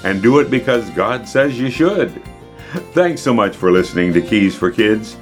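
A man hosting a children's devotional program, reading scripture and a story aloud, expressive and slowing down for emphasis. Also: on the low side, faint music behind.

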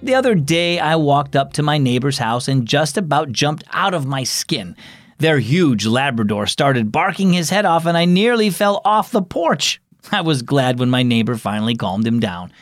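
Male devotional host and narrator, friendly storyteller, lively and expressive, dry close sound. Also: fairly high pitch, normal speed, dry recording.

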